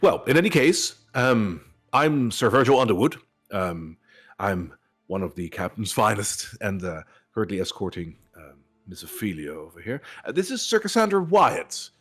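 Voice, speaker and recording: A man's voice: on the low side, sing-song, normal speed, a bit bright, soft background music. A man voicing a polite male paladin escort, speaking formally with small hesitations.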